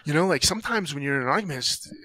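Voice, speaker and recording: A man chats casually as a podcast guest, his voice fairly high, husky, bright and forceful. He talks very fast and animatedly, acting out little inner dialogues and swearing freely as he tells stories, and the recording is dry with no room echo.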